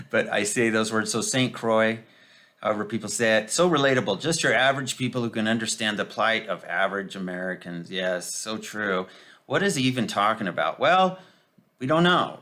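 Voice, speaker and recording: A man giving a casual, sarcastic political commentary, full of mocking asides and hesitant filler pauses. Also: on the low side, pushed and bright.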